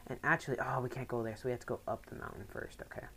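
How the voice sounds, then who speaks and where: Very low-voiced woman commenting on a game. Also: rapid-fire, slight background noise. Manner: rambling, excitable outbursts. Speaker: gaming commentator. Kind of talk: casual let's play commentary.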